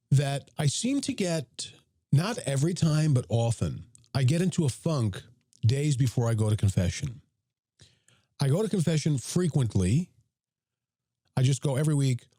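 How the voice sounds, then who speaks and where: Hoarse, raspy man hosting a podcast. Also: warm tone, dry recording, studio quality. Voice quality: deep, raspy. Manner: chatty, blunt, self-promoting. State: hoarse from a cold. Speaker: podcast host. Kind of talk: casual livestream talk.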